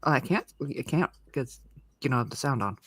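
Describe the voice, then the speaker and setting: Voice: medium pitch, lively intonation, moderate pace, a bit bright, a little hiss or hum. A co-host rambling through casual chat on a livestream, often restarting sentences.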